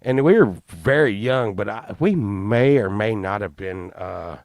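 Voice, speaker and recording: In a lowish, darkish voice that's expressive and a little slow, a man spins a rambling, profane story and often laughs at it himself. This casual storytelling has plucked guitar music underneath.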